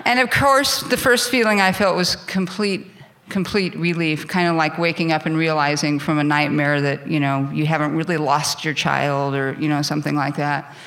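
A woman's voice: low-pitched, steady tone, normal speed, a bit bright. A middle-aged woman from California telling a candid personal story on stage, self-mocking and laughing at herself.

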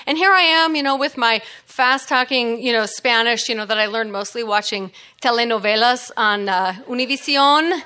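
A woman's voice: a little high, moderate pace, bright, forceful tone, clean tone. A middle-aged woman telling a personal story in a chatty way, laughing often and using lots of fillers.

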